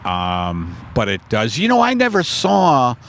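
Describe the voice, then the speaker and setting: A man's voice: medium pitch, wildly swooping pitch, measured pace, creaky, slight background noise. Rambling comedian man outdoors. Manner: riffing into loud put-on voices and yelling. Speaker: comedian podcast host. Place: outdoors in a park in the rain.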